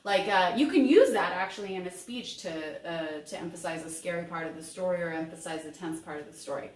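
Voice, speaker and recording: A woman's voice: lowish voice, brisk, far from the mic. A woman giving a voice lesson in an upbeat, encouraging way. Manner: upbeat and encouraging, sings examples. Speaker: voice teacher. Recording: roomy, mic set back, faint ambience.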